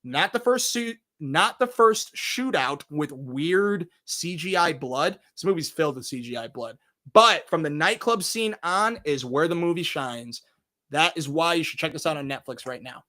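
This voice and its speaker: Dude doing a live movie countdown, high voice, bouncing all over the place, loud then mumbly. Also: male voice, normal speed. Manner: excitable, swings between loud bursts and low asides, swears casually. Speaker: movie review show host. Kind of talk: casual livestream movie countdown.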